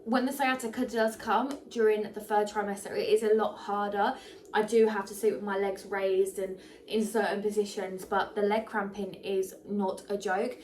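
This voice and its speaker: A young pregnant woman, chatting casually to camera, animated and full of fillers, a little short of breath. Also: medium pitch, moderate pace, far from the mic. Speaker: vlogger.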